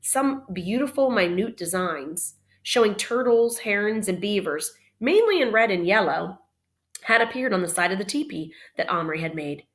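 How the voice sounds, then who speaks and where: A woman's voice: medium pitch, lively intonation, normal speed. A woman teacher reading a novel aloud expressively, with playful teaching asides. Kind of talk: read-aloud storytelling.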